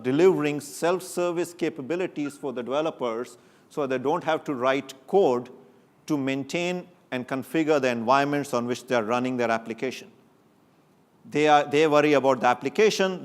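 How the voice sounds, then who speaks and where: A man giving a technical conference talk to an audience, lively and joking, often rising sharply for emphasis. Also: mid-range voice. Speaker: conference speaker. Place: conference stage before an audience.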